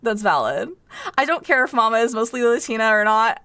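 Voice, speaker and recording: A woman's voice: a little high, expressive, fairly quick, fairly bright tone, dry recording. A young woman with a Californian accent, streaming a game in casual, giggly chat. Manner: giggly, playful, laughs often.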